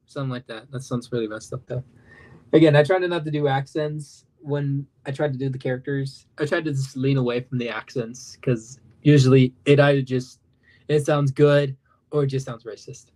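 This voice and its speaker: A man's voice: medium pitch, fairly even intonation, moderate pace, a little mellow. A young man in his late teens, an animation creator, rambling casually on a livestream. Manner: rambling, loose, self-interrupting.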